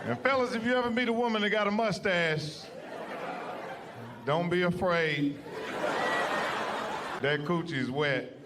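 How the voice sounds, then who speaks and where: A man in his older years doing a stand-up comedy routine, telling crude stories in a loud, animated way. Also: high-pitched, unhurried, pauses often. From United States. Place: comedy club stage with a laughing audience. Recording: live stage in a large hall, loud crowd noise.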